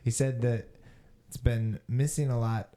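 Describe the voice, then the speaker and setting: A man's voice: medium pitch, steady tone, a little slow, dark tone. A man co-hosting a casual chat podcast, reading odd news stories aloud with chuckling asides. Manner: chuckling, reads articles with asides. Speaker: podcast co-host.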